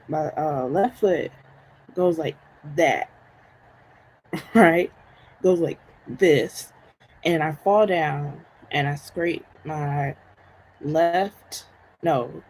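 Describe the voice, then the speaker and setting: A woman's voice: deep voice, takes it slowly, darkish tone, husky, low-quality recording. A woman hosting a live stream, chatting casually through a personal story, laughing often and checking in with "right?" and "okay?".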